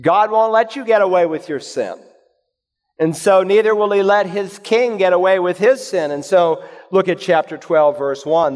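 A man preaching a sermon, reading scripture in a low, measured voice and rising to loud, emphatic points. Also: in a large hall. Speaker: pastor.

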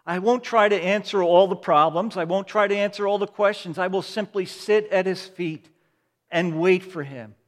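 A man's voice: sits high, moderate pace. A man preaching a sermon as a pastor, with repeated refrains and swells of emphasis. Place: church sanctuary. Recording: long reverb of a large hall.

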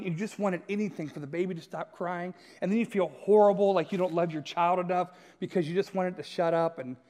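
High-voiced pastor in a reverberant hall. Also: male voice, darkish tone. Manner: storytelling, often checks in with "right?". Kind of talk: conversational sermon.

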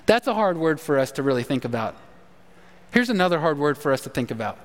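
A man's voice: fairly high pitch, very animated, fast, long reverb tail. A man preaching a sermon with emphasis, asking his congregation questions. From Texas. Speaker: pastor.

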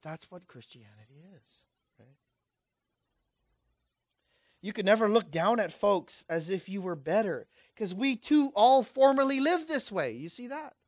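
Male preacher, impassioned sermon, loud urgent peaks, hushed asides, rhetorical questions, dry close sound. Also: sits high, animated, measured pace, long pauses, no echo.

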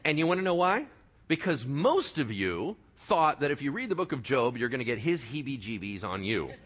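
A man preaching a sermon in a lively, joking way, often asking the congregation whether they follow him. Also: on the high side, husky. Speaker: pastor.

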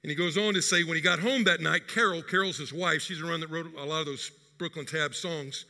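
A male pastor preaches in a high, very bright voice that carries a long reverb through the church. He tells a story and turns to speak straight to the congregation. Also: fairly even intonation, a little fast. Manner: storytelling, addresses the congregation directly. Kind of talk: sermon.

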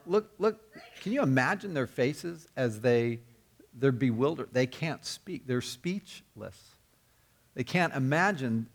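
A man's voice: medium pitch, creaky, fairly bright tone. A man preaching a sermon, telling the story earnestly and often repeating or restarting his words. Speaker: pastor.

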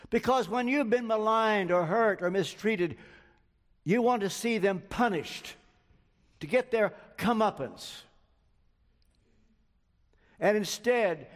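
An older man preaching a sermon in a large church hall, slow and earnest, telling personal stories. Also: high voice. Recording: long hall reverb.

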